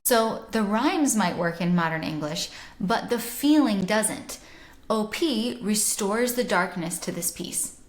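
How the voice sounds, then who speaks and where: A soprano woman explains pronunciation in an unhurried, deliberate voice. She sounds out vowels as she teaches, in a mid-pitched tone. The room around her gives a noticeable echo. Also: lively intonation. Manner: slow, deliberate, demonstrates vowel sounds aloud. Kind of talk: explanatory music lesson. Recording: roomy echo.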